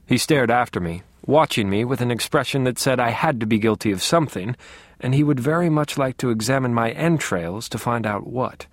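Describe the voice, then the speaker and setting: A man's voice: mid-range voice, fairly quick, no room sound. A man narrating an audiobook in the first person with a dry, wry, understated delivery.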